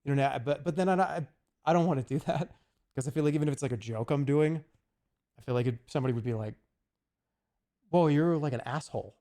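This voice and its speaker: A man streaming, chatting casually and rambling, with profanity and quick asides. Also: mid-range voice, mellow. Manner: rambling, profane, slips into goofy put-on voices.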